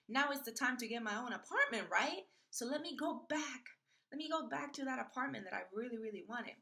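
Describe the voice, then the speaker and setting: Bright, gravelly-voiced woman storyteller. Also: high voice. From Florida. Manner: animated, acts out voices of others in her story. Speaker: podcast host. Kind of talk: personal storytelling monologue.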